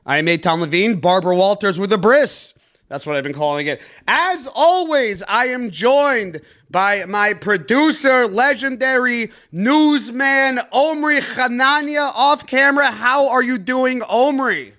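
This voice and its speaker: A young man hosts a comedy news podcast, his voice sitting high and ringing bright. He riffs fast and sarcastically and slips into a punchy mock-announcer delivery. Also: lively intonation. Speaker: comedy news show host.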